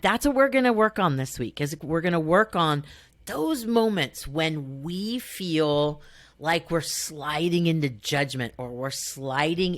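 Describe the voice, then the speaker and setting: Low-pitched and a bit bright, a middle-aged woman from Southern California chats through her own solo podcast with a Valley girl accent. She's upbeat and casual, dropping plenty of fillers and laughing often, captured in a dry recording.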